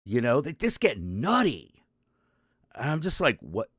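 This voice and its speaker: A man's voice: medium pitch, huge pitch swings, unhurried, a bit bright, husky, no echo. Sweary guy ranting on his stream, voice jumps all over, super dry mic. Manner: sweary, rambling, exasperated, lots of fillers and restarts. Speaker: stream host. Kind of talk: casual profane ranting to chat.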